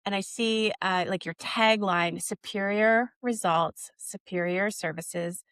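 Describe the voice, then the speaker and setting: A woman's voice: mid-range voice, slow pace, a bit bright, no room sound. Chatty woman podcast host, dry sound. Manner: chatty, hesitant with fillers, enthusiastic. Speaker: podcast host, dog trainer. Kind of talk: casual interview chat.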